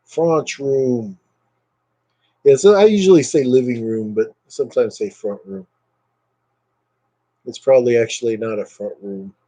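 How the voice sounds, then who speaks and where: A man's voice: medium pitch, normal speed, mellow, rough recording. A man chatting casually on a live stream, rambling with lots of fillers and thanking viewers by name.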